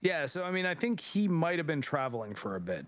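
A man's voice: fairly high pitch, sing-song, brisk, dry recording. A man co-hosting a casual film discussion, thinking aloud and hedging his points.

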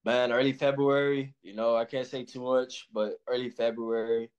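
A man's voice: mid-range voice, level tone, moderate pace, clean tone. Laid-back young man from Los Angeles. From Los Angeles, USA. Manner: laid-back, slangy, rambling. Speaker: pro boxer guest. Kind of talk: casual interview chat. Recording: muffled lo-fi sound.

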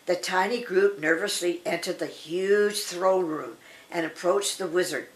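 An older woman reading a children's picture book aloud, slow and expressive. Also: on the low side. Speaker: storybook reader.

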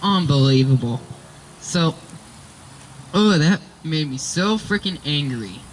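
A man's voice: a little high, expressive, slow pace, slight background noise, low-quality recording. Exasperated young man ranting. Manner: exasperated, rambling storytelling with fillers. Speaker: vlogger. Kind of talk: casual ranting vlog.

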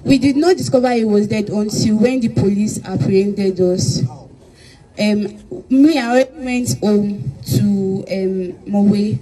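Young woman, suspect's statement; dark mellow tone, hesitant delivery. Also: mid-range voice, rough recording. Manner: halting, full of "like" and "um". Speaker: crime suspect giving a statement. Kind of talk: recounted testimony.

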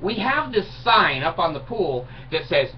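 A man's voice: high voice, sing-song, measured pace. A middle-aged man ranting indignantly to camera, mocking and chuckling at his own jokes. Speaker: video blogger. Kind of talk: ranting monologue. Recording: distant mic, dull lo-fi sound, faint noise.

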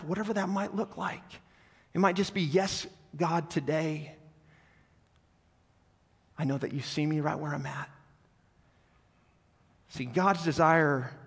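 A male pastor giving a sermon, telling a story in an animated way that swings from loud to hushed. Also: a little high, slightly rough. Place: church sanctuary. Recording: long church reverb.

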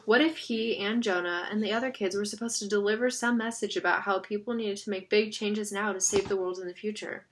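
A woman narrating a novel aloud in an expressive, steady reading style. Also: mid-range voice, brisk, hardly any pauses, a little hiss or hum. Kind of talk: audiobook reading.

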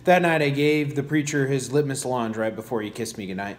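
A man reading a children's novel aloud with expressive storytelling. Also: medium pitch, a little fast, few pauses. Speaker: reader.

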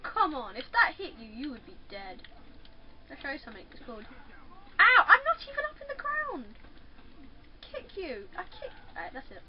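A woman giving excitable let's play commentary while playing a fighting game, chattering, yelping and taunting. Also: high-pitched, moderate pace, crowd noise. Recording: muffled lo-fi with faint hiss.

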